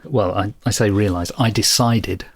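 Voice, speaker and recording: A man's voice: fairly low pitch, moderate pace, breathy edge. A man co-hosting a book discussion podcast, talking in a thoughtful, self-deprecating way and explaining at length. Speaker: podcast co-host.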